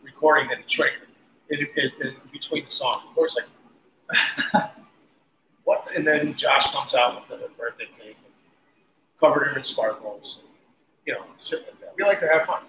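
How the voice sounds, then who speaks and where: A man guest on an interview, telling casual, animated stories with laughs and cursing. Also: medium pitch, moderate pace, pauses often. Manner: animated, laughing, swears freely. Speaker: guest musician. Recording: roomy echo, faint noise.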